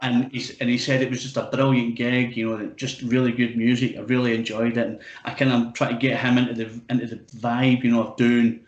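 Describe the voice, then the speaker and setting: A man's voice: mid-range voice, little pitch movement, a little fast, few pauses, reverberant, lo-fi sound. A Scottish man in his fifties hosting a casual chat, rambling and swearing freely with lots of "you know". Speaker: podcast host.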